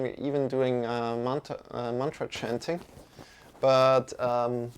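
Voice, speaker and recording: A man leading a yoga lesson, speaking in a relaxed, friendly way with some fillers as he explains what comes next. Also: medium pitch. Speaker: yoga teacher. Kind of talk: guided yoga and mantra chanting lesson.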